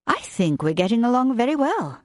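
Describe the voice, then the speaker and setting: A woman voicing a polite, composed young governess who speaks gently and earnestly. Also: on the high side, very animated, a little fast, no echo, clean studio sound, pitched above the performer's own voice.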